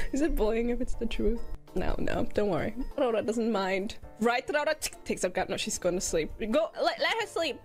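A woman's voice: fairly high pitch, animated, moderate pace, faint music behind. A woman streamer in casual, playful chat, teasing and giggling often.

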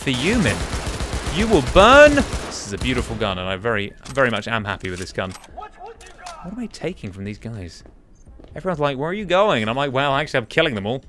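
A man's voice: mid-range voice, big pitch swings, fast, noisy background. A young man giving chatty, exasperated commentary while playing a game. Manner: chatty, exasperated, muttering to himself. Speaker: gaming commentator. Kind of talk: casual let's-play commentary.

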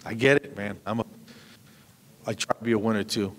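A man's voice: fairly low pitch, fairly even intonation, fairly quick, a little hiss or hum. A man in his fifties doing a stand-up comedy set, rambling and self-deprecating, with many restarts. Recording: long hall reverb.

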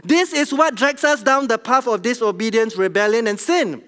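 A middle-aged man with a Singaporean English accent, preaching a church sermon in an animated, conversational way and asking the congregation questions. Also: very high-pitched, moderate pace. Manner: animated, conversational, tells jokes at his own expense, asks the congregation questions. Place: large church hall. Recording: long hall reverb.

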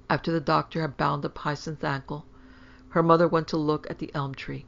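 Gravelly woman reading a ghost story. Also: sits low, highs cut off. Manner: measured, steady storytelling. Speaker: podcast narrator. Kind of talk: scripted storybook narration.

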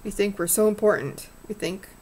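A woman's voice: mid-range voice, brisk, a little mellow, slight background noise. A middle-aged woman vlogging in an earnest, rambling, preachy way. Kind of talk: casual heartfelt vlog rant.

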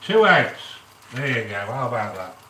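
A middle-aged man hosting a live-stream cooking chat, talking straight to his viewers and giving them shout-outs. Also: medium pitch, very animated, moderate pace, recorded from a distance, background noise. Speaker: cooking channel host. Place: home kitchen. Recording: echoey kitchen, speaker off-mic. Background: frying and sizzling in the pan.

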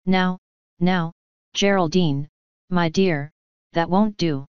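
A woman's voice: fairly low pitch, takes it slowly, clean tone, dry recording, lo-fi sound. A woman reading an audiobook, voicing a firm, efficient middle-aged secretary with a determined manner.

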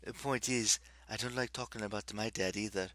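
Man voicing brooding teen boy, low quiet voice, forceful edge, dry. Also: steady tone, a little fast, dry recording. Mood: wry. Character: brooding teenage boy, son of the underworld god.

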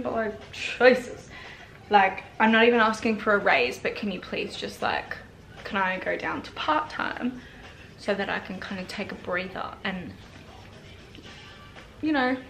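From her bedroom, a young woman records a chatty vlog on a tripod camera, rambling candidly and saying "like" constantly. Her mid-range voice is fairly bright, with reverb and a slight hiss or hum.

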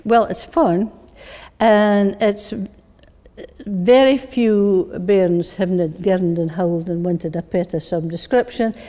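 A woman's voice: mid-range voice, takes it slowly, warm tone. A woman with a northeast Scottish accent, chatting casually as an interviewed poet, laughing easily and using Scots words. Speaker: poet and guest. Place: arts centre. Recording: long reverb of a large hall.

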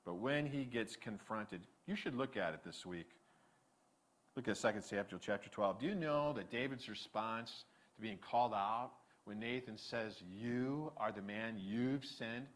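A male pastor delivering a sermon with animated, emphatic preaching. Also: fairly low pitch, moderate pace.

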